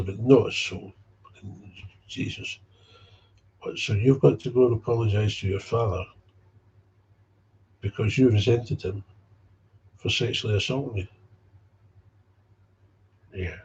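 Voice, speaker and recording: A man's voice: lowish voice, steady tone, moderate pace, long pauses, a little mellow. A man with a Scottish accent giving a blunt, heated personal talk about recovery, swearing freely. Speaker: speaker on recovery. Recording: dull lo-fi recording.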